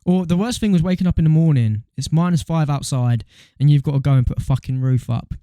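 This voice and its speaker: A young man chats at a rapid clip, his voice slightly high and dark in tone. The sound is close and dry. His manner is slangy, loose podcast banter. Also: clean tone, no echo. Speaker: podcast co-host. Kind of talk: casual chat.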